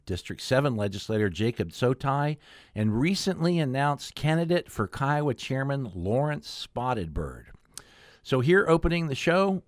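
Male radio host reading sponsors, relaxed, dry studio sound. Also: medium pitch, no echo. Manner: casual, stumbles over names. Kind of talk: radio announcing.

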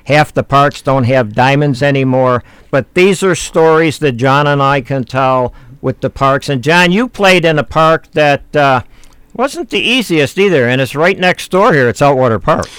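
A man's voice: a little high, lively intonation, normal speed, a bit bright, clear, resonant tone, dry recording. A man, hosting and telling folksy baseball stories with fillers. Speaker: host. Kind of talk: reminiscing talk show chat.

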